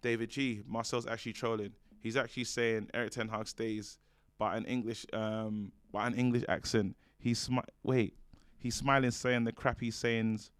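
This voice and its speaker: A man's voice: mid-range voice, flat delivery, moderate pace, smooth, no echo. A man co-hosting a football fan show, reading viewer comments in a jokey, stumbling way with many fillers. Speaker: fan channel co-host.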